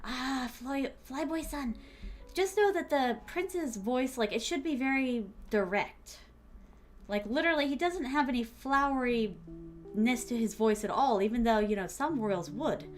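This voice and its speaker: A woman's voice: high-pitched, expressive, unhurried. A woman streamer musing aloud as she writes, trying out words and chatting casually with her viewers.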